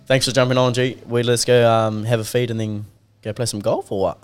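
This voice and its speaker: A man's voice: mid-range voice, flat delivery, a little fast, smooth. A young man hosting a casual podcast, swearing freely and telling stories with acted-out dialogue. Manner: laid-back, swears a lot, tells stories with acted-out dialogue. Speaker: podcast host.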